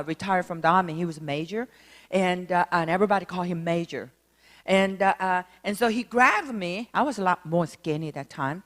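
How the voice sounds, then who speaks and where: A woman minister with a Korean accent, telling a story in a sermon, halting with many fillers but animated. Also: on the low side. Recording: long reverb hall.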